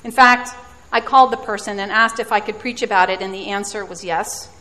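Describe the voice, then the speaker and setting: A woman's voice: mid-range voice, steady tone, brisk, bright, forceful tone. Female preacher, reflective storytelling sermon with dry self-mocking humor, long hall reverb.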